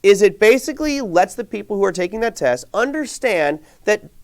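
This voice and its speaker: A man's voice: sits high, fairly quick. A man teaching a live online trading class, talking casually and answering viewers' chat questions. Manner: conversational, reads viewer chat aloud; animated, rhetorical questions. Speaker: trading instructor.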